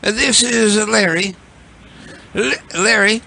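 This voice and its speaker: A man's voice: high voice, steady tone, measured pace, vocal fry, bright, forceful tone, pitched above the performer's own voice, exaggerated voice, low-quality recording. A man putting on a pushy, chummy caller. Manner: overly friendly, lecturing. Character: chummy fake male caller, pushy and nosy.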